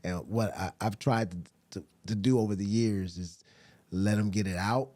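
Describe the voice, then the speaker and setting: Southern male guest, mellow dark voice, dry close sound, animated rambling talker with a salty mouth. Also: normal speed, dry recording. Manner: animated, rambling, swears freely, jumps into high laughing asides. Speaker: actor and director, podcast guest. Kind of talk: casual conversational interview.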